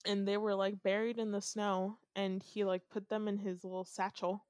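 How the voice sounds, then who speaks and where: A woman's voice: medium pitch, normal speed, clean tone, no echo, studio quality. A young woman casually recounting a dream to a friend, often laughing as she tells it. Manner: laughs often, animated storytelling. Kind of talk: casual chat telling a dream.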